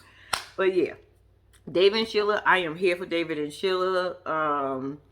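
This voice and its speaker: A woman's voice: fairly low pitch, normal speed, fairly bright tone. A woman casually recapping a reality show, chatty, blunt and profane, laughing often.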